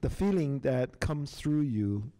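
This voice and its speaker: Brief: male moderator, warm dark tone, relaxed. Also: mid-range voice, takes it slowly. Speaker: event moderator. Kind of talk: hosting a talk.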